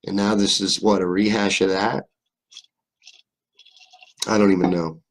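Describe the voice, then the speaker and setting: Deep-voiced man with a faint Southern drawl. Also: level tone, unhurried. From Kentucky, USA. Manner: rambling, joking, swears freely. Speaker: livestream host. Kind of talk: casual live-stream chat reading comments.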